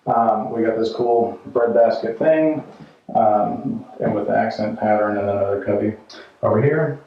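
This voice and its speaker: A man's voice: lowish voice, measured pace. A man hosting a home renovation vlog, tossing out dry jokes and offhand life tips in a casual way. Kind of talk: casual joking vlog talk. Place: job site and car. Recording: roomy, distant and dull-sounding.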